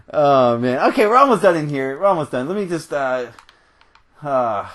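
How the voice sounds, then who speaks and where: A man's voice: fairly high pitch, fairly bright tone. A young American man hosting a gaming video, ranting in a heated, rambling way while he plays, often laughing. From United States. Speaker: gaming channel host. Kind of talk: ranting commentary over gameplay.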